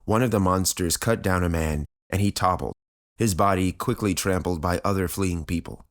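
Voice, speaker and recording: A man narrating an audiobook in a steady, even reading style. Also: sits low, normal speed.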